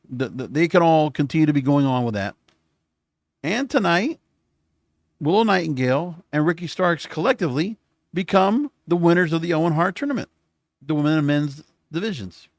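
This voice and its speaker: Late at night, a man hosting a solo podcast recaps casually, rambling and often correcting himself. His voice is fairly high, and the studio-quality recording has no echo.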